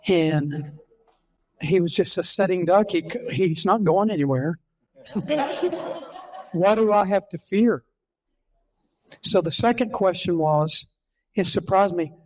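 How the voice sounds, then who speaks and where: An older man with a Texan accent tells stories in an earnest sermon style, and his voice sits fairly high. He is folksy and acts out the dialogue as he tells it. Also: slow pace, pauses often, a little mellow, low-quality recording. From Texas. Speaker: pastor.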